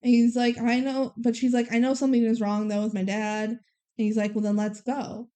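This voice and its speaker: A woman with a somewhat high voice chats through a movie recap for a podcast. She retells the scenes with a lot of life and keeps slipping into the characters' lines as she goes. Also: completely flat delivery, brisk, warm tone. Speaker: podcast co-host. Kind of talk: casual chat recapping a movie.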